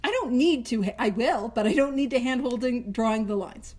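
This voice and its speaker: A woman's voice: fairly high pitch, moderate pace, darkish tone. A woman hosting a recovery book study, teaching in a chatty, casual way, laughing often and wandering into tangents.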